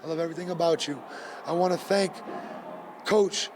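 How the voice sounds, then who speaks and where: A man's voice: a little high, normal speed, a little hiss or hum. A man, a bare knuckle fighter, talking emphatically in a post-fight interview and repeating his points. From Gloucester, Massachusetts.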